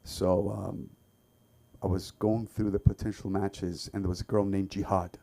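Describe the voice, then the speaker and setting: A man from the Middle East performing an open mic stand-up set, with lots of ums and bursts of loud shouting. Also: deep voice, little pitch movement, measured pace, gravelly. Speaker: stand-up comedian. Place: comedy club stage.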